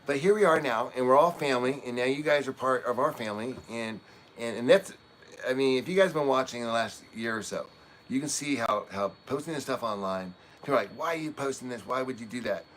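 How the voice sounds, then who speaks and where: A man's voice: medium pitch, quick pace, slight background noise. A middle-aged man from Oregon, hosting a livestream and telling personal family stories in a casual, rambling way, chuckling through heavy topics. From Oregon, USA. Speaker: livestream host.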